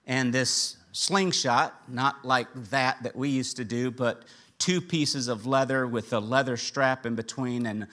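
A man preaching a sermon, animated, acting out the characters' voices. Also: medium pitch, a little slow. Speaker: pastor.

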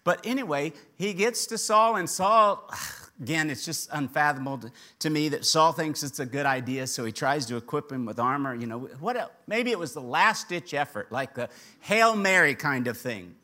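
A man preaching a sermon, animated, acting out the characters' voices. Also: on the high side, moderate pace. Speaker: pastor.

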